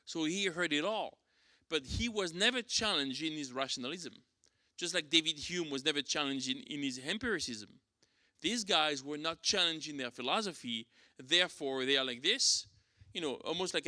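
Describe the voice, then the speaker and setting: A man's voice: a little high, normal speed, pushed and bright, no echo, studio quality. French-accented man teaching a church class. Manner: conversational teaching with fillers and restarts. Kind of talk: apologetics class lecture.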